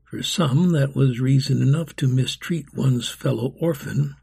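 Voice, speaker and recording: Gravelly, husky man reading a story. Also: mid-range voice, a little slow, a little mellow. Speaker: narrator. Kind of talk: storybook narration.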